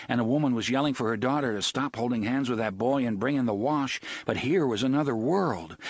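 Male audiobook narrator, husky, deliberate suspense delivery, dry close sound. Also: medium pitch, no echo. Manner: measured, suspenseful, slowing on tense beats. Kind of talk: scripted narration.

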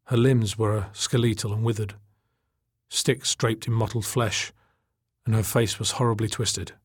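Husky guy reading an audiobook, measured and dramatic, dry close mic. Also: on the low side, steady tone, no echo. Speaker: narrator. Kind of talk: audiobook narration.

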